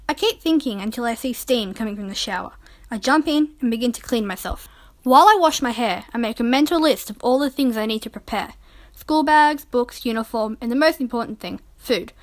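A woman with a fairly high voice reads a first-person story aloud. Her delivery is calm and measured, the steady pace of a storybook reading. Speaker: narrator.

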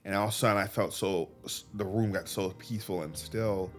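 Earnest, halting low-voiced man. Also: fairly even intonation, soft background music. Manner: halting, restarts mid-sentence, earnest. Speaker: guest telling his testimony. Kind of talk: emotional personal storytelling.

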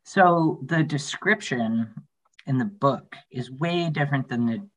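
A man in his thirties co-hosting a podcast, chatting casually in a giggly, playful, drawn-out way. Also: mid-range voice, low-quality recording. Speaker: podcast co-host. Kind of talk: casual chat.

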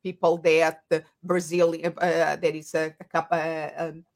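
A woman, an English speaker, talking as an interview guest and often pausing to search for words. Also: sits low, level tone. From Portugal. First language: Portuguese. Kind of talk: conversational interview.

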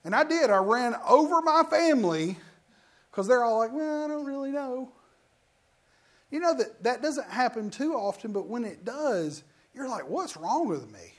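A man's voice: extremely high pitch, lively intonation, normal speed, fairly bright tone. A middle-aged male pastor giving a sermon, telling personal stories and acting out the lines of each person in them with emphasis. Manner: storytelling with acted-out quotes, emphatic.

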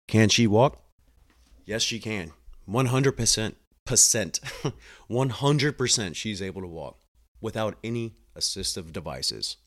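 Blunt, animated male storyteller. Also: on the low side, unhurried. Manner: blunt, animated, acts out dialogue. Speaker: home health clinician. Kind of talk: casual storytelling monologue.

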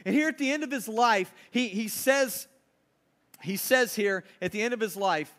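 A man's voice: high-pitched, normal speed, fairly bright tone. A man in his thirties, a pastor preaching a sermon in a casual storytelling way, asking the crowd questions.

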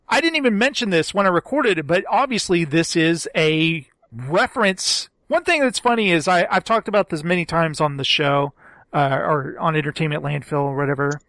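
A man with a fairly high voice gushes in casual podcast chat. He talks with excitement and keeps acting out scenes. The sound is dry and close. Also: no room sound. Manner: enthusiastic, gushing, quotes scenes in acted voices. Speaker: podcast co-host.

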